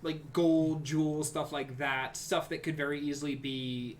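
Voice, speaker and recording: A man's voice: on the high side, flat delivery, unhurried, a little hiss or hum. A man narrating as game master in a casual, rambling way.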